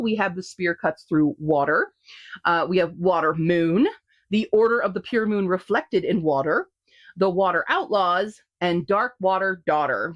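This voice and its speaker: A woman vlogging casual book recommendations to camera, chatty and upbeat with frequent ums and asides. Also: medium pitch.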